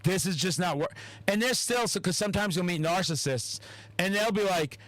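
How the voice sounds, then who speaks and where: A podcast host, a man with a notably high-pitched voice, talks in a loose, animated way, swearing often and slipping into acted-out quotes. The sound is very dry, with no room around it. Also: normal speed, no room sound, rough recording. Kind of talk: casual podcast chat.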